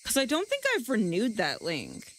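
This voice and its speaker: A woman's voice: medium pitch, wildly swooping pitch, normal speed, fairly bright tone, slight background noise, rough recording. A woman streamer chatting casually with her live audience, rambling and self-deprecating, swearing often. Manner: chats directly to her viewers.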